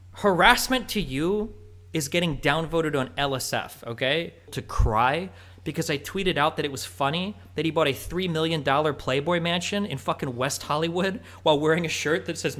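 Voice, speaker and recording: A man's voice: on the high side, animated, normal speed, a bit bright. A man in a heated, profane, mocking rant on a stream clip. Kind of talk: ranting stream commentary.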